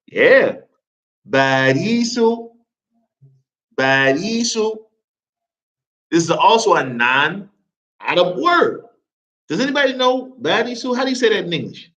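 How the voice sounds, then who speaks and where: A man teaching a grammar class, leading the room through call-and-response and tossing in the odd joke. His voice is on the high side and bright, with a pitch that jumps around a lot. The recording is dull and lo-fi. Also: big pitch swings, moderate pace. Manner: drills the class with call-and-response, keeps asking "what?"; joking asides. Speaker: Arabic teacher.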